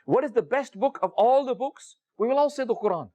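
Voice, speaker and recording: A man's voice: extremely high pitch, expressive, a little fast, mellow, lo-fi sound. A man preaching a sermon to a room of listeners, telling stories and asking many rhetorical questions, with frequent "you know" fillers. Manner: storytelling, addresses the audience directly with many rhetorical questions. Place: room with a seated audience.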